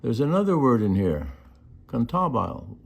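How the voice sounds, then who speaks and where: A man's voice: medium pitch, expressive, a little slow, creaky, dark tone, slightly rough. A man teaching music, explaining markings and singing out rhythms and counts. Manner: sings rhythms and counts beats aloud. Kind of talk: instructional explanation.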